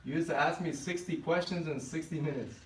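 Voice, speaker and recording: A man voicing a patient, gentle aging father who speaks softly and calmly. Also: fairly quick, slight background noise, lightly acted. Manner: soft, calm, low-spoken. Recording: echoey hall, distant mic.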